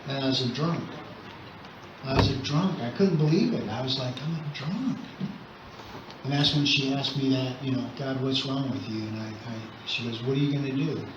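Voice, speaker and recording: A man's voice: medium pitch, moderate pace. An older man sharing his recovery story at a meeting, talking in a conversational way with wry humor. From Southern California. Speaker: AA meeting speaker. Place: meeting hall. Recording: roomy, distant, muffled with noise.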